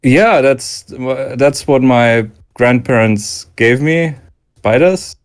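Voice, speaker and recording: A man in a casual online chat, delivering deadpan, rambling jokes with frequent stammers. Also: medium pitch, slow, smooth. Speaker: regular guest.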